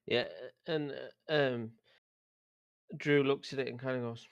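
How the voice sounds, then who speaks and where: Guy playing a tabletop game, mid pitch, dry close mic, stammers a lot. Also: steady tone, unhurried, clear, resonant tone, no room sound, dull audio. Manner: stammering, narrates his character's actions. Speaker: player. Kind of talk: tabletop role-play chat.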